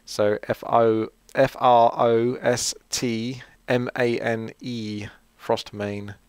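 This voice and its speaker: A man's voice: mid-range voice, flat delivery, slow pace, smooth, no echo. A man from Essex, England hosting his channel, answering viewer questions in a rambling, friendly chat full of fillers and asides. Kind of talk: casual chat.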